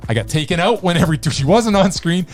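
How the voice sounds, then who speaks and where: A man's voice: high-pitched, animated, brisk, music in the background. A man co-hosting a film review podcast, chatting casually and enthusiastically. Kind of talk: casual chat.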